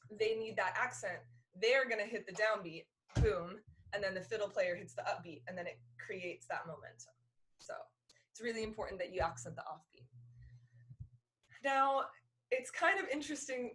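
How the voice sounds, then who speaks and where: A woman's voice: mid-range voice, a bit bright. A young woman teaching a fiddle class on a video call, explaining rhythms and counting beats aloud in a friendly way. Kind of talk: online music lesson.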